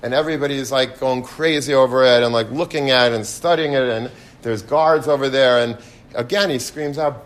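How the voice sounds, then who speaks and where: A man's voice: mid-range voice, moderate pace. A man giving an informal sermon, telling stories with energy and building into passionate exhortation. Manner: animated storyteller, rising to passionate exhortation. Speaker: rabbi giving a Torah talk.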